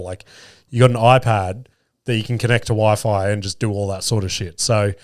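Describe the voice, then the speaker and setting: A man's voice: fairly low pitch, steady tone, fairly quick, no echo, clean studio sound. A man, hosting a podcast and telling rambling, sweary, self-deprecating stories. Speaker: podcast host. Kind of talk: casual storytelling chat.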